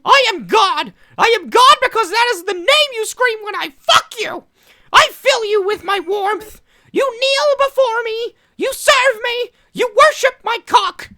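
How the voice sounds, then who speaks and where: A woman voicing a manic male cartoon mouse in a shrill, squeaky falsetto, shrieking every line over the top. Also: expressive, measured pace, sharp tone, exaggerated voice. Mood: bombastic. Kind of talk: comedic voice impression.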